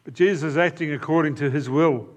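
A man's voice: on the high side, fast. A man preaching a sermon in an earnest, emphatic way, often repeating key phrases. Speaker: pastor.

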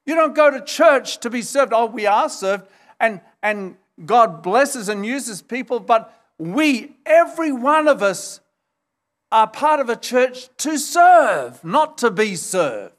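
A man delivering a sermon in a high, light voice at an unhurried, measured pace. He leans on key words, pushing up into sharp exclamations, and acts out the quoted lines with extra lift. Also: sing-song. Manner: emphatic, rising to high exclamations for stress; acts out quoted dialogue in a raised voice. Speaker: pastor.

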